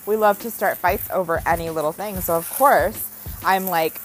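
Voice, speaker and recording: A woman's voice: lowish voice, normal speed, poor audio. A young adult woman vlogging in a casual, dramatic storytelling manner. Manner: dramatic, animated storytelling with acted quotes. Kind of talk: casual chat to camera.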